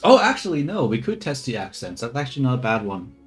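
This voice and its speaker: A man's voice: mid-range voice, sing-song, quick pace, faint music behind. A man in casual chat, testing AI voices, rambling and swearing.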